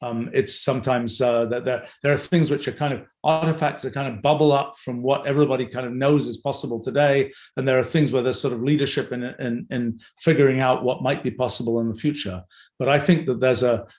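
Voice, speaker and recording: A man's voice: mid-range voice, steady tone, brisk, a little mellow. An older man hosting an unscripted livestream Q&A, thinking aloud with many fillers and restarts. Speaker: host answering audience questions. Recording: roomy echo.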